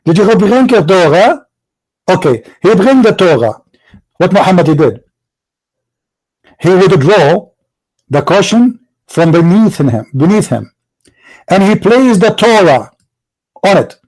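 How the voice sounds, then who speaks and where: A man's voice: high-pitched, expressive, unhurried, long pauses, a little mellow, poor audio. A man hosting a religious debate show, mocking and confrontational, firing rhetorical questions in broken English. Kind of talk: combative religious debate monologue.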